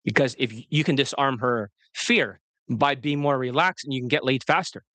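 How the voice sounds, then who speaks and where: A man talking fast and rambling as a dating coach on a livestream, often breaking off mid-sentence. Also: mid-range voice, a bit bright, no echo. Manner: fast, rambling, self-interrupting.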